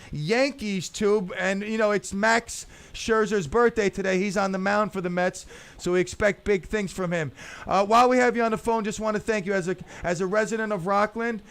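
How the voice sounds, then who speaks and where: A man's voice: high-pitched, fairly bright tone, clean tone. A man in his fifties hosting a radio talk show, joking and rambling through stories with lots of restarts, into a studio microphone. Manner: jokey, rambling storyteller with many restarts. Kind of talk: casual talk radio banter.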